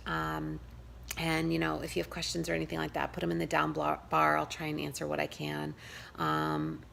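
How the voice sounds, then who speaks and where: A woman's voice: lowish voice, creaky, slight background noise. A woman with a New York accent hosting a pagan channel, chatting in a rambling, casual vlog style and laughing often.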